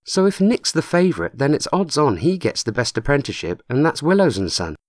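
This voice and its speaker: A man voicing a clear-spoken, precise young woman in an audiobook. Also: fairly high pitch, very animated, a little fast, no room sound, studio quality, pitched above the performer's own voice.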